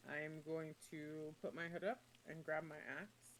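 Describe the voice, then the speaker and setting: A woman's voice: sits low, fairly even intonation, a little slow, a little hiss or hum, low-quality recording. A woman playing a tabletop game, casual and playful, with hesitant fillers. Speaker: player.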